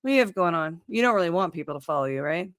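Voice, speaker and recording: A woman's voice: lowish voice, expressive, rapid-fire, no room sound. Woman, show host, video call, emphatic, argumentative, casual political chat, dry close sound.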